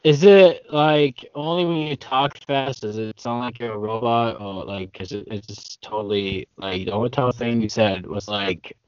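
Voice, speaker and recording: A man's voice: medium pitch, fairly even intonation, moderate pace, hardly any pauses, smooth, no echo. Rambling man on a muffled call. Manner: rambling, heavy on fillers. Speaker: podcast guest. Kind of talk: casual chat over a call. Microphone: internet call.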